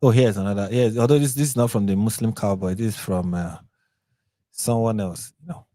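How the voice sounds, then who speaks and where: A man's voice: lowish voice, brisk, mellow, no echo. A Nigerian man with a Nigerian accent hosting his channel, giving sarcastic, mocking live commentary on posts and rambling through restarts and repeats. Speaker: channel host.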